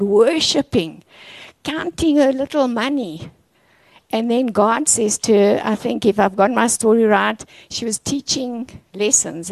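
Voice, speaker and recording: A woman pastor preaching a sermon, telling stories in an animated, playful way with asides. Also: on the high side, gravelly, no room sound, poor audio.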